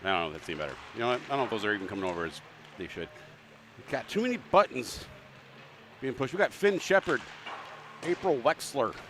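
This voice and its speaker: A man's voice: medium pitch, expressive, fast talker, pauses often, a bit bright, slight background noise. A man announcing a local hockey broadcast from a mobile booth at the rink, rambling and joking about himself. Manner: rambling, joking, self-deprecating. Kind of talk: live local sports broadcast.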